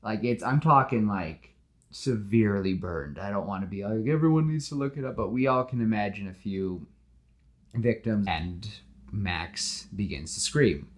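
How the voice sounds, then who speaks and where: A man hosting a podcast, animatedly retelling his movie pitch with lots of "like" fillers and acted-out dialogue. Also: a little slow. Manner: animated storyteller, full of "like" fillers, acts out dialogue. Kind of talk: casual retelling of a film pitch.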